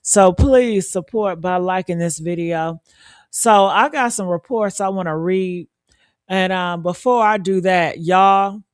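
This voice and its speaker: A woman hosting a live stream, giving true crime commentary in a loud, profane, emphatic way, repeating lines for effect and urging viewers to like the video. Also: lowish voice, slow pace, no echo, studio quality. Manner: coaxing viewers for likes.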